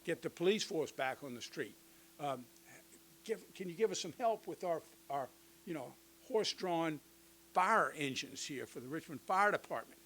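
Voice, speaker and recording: An older man giving a conversational history lecture to teachers, with lively asides and touches of humor. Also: on the high side, normal speed, low-quality recording. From United States.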